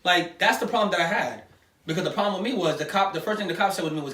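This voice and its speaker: A man who co-hosts a podcast, telling a story in a heated, animated way with plenty of swearing. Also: high voice, quick pace. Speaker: podcast co-host. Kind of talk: casual chat. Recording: echoey room, distant mic.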